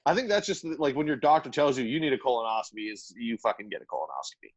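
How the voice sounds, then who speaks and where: A man at a mid-range pitch telling a loose, rambling story on a podcast. He curses freely and leans on "like" as he goes. The mic sound is dry and close, with no room around it. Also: animated, fast talker, breathy edge, no echo. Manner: rambling and profane, full of "like" fillers and laughs. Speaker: podcast co-host. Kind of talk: casual storytelling chat.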